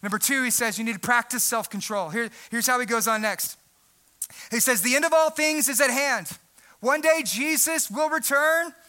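A young adult male pastor preaches a sermon at normal speed, loud and emphatic, often shouting his points. His voice is very high with a sharp, piercing edge.

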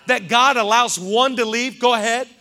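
Male preacher, high and bright with some gravel, animated, comic, rises to shouts. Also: moderate pace. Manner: animated, joking, acts out quoted characters, builds to shouted climaxes. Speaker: pastor. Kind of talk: sermon. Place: church hall, live congregation.

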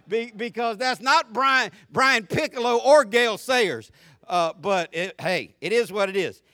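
Brief: middle-aged male pastor, storytelling sermon, voice sits high and bright, swings from loud asides to soft reflection. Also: unhurried, no echo, studio quality. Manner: storytelling preacher, shifting between loud animated asides and soft, low reflection.

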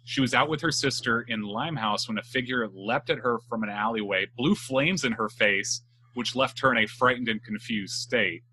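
A man's voice: medium pitch, normal speed, sharp tone, slight background noise. A man hosting a casual chat, telling a spooky legend with jokes and swearing. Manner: joking, swears freely, laughs while telling. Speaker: podcast host telling a legend.

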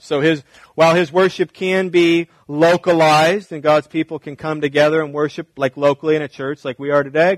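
A male pastor delivers a sermon in a fairly high voice, building phrases through repetition. He rises to loud, emphatic peaks and then sinks to hushed, almost whispered lines. The sound is dry and close, with little room echo. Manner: dynamic preaching, repeats phrases, swings from loud emphasis to near-whisper. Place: church.

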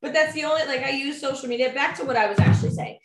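A woman, a teacher and podcast guest, chatting and telling stories in an animated way. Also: high voice, very fast, soft background music. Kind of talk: casual podcast chat. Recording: roomy echo.

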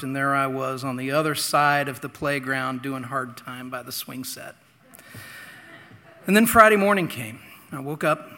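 A man's voice: mid-range voice, pushed and bright. Man preaching in an echoing hall. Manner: earnest storyteller, dramatic pauses and repetitions. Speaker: pastor. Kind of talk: sermon storytelling. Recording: long hall reverb.

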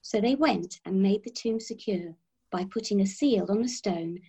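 A woman giving a measured, expressive Bible reading. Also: medium pitch, breathy edge, poor audio. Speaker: scripture reader.

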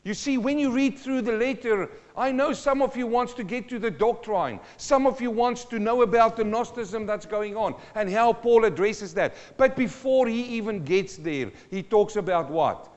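A man's voice: very high voice, normal speed, few pauses, big-room sound, lo-fi sound. A middle-aged man preaching a sermon to a congregation, dramatic, asking questions and acting out sounds and voices. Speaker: pastor.

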